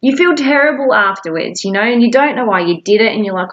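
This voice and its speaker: A woman's voice: on the high side, expressive, fast, few pauses. Chatty encouraging woman, slightly dull sound. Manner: chatty, encouraging, with self-talk asides. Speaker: wellness coach. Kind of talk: casual self-help talk to camera.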